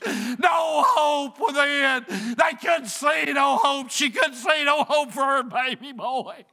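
High, gravelly preacher man. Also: slow. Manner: fervent preaching, voice breaking into shouts. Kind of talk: sermon.

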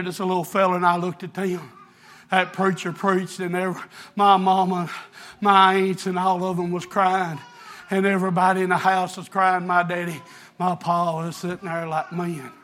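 A man preaching a sermon, fervent and emotional, often shouting. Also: high voice, level tone, normal speed.

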